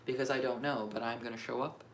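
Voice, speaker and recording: A man's voice: medium pitch, steady tone, fast, a little hiss or hum. A man recording an unscripted astrology vlog, venting his frustrations frankly and profanely and rambling as he questions himself. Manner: restless, self-questioning rambling.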